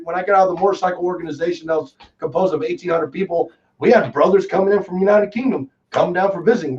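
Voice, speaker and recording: A man from Texas in casual chat as a guest, telling rambling, animated stories with lots of fillers. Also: high voice. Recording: distant, dull lo-fi call audio.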